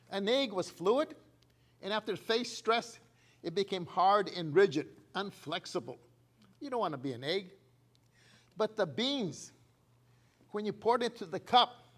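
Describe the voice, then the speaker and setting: Older man telling stories, high voice. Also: a bit bright. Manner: storytelling, laughs at his own jokes. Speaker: club speaker. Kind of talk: prepared speech with anecdotes.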